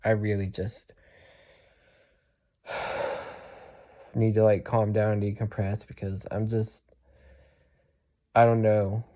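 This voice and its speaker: A young man vlogs a venting monologue in a mellow, fairly low voice with an even tone. He sounds frustrated and worn down, sighing often and restarting sentences in a halting, repetitive way.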